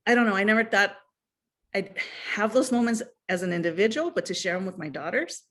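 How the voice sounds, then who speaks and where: A woman in her thirties or forties telling a personal story in a chatty, animated way, full of fillers and asides. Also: mid-range voice, brisk. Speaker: guest sharing fan memories. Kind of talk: casual storytelling chat.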